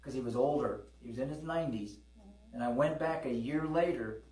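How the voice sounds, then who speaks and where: A man's voice: medium pitch, a little fast, darkish tone. A middle-aged man preaching a sermon in a conversational way, calling for amens and acting out dialogue in his stories. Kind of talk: sermon with storytelling. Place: church service. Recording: roomy, distant from the mic.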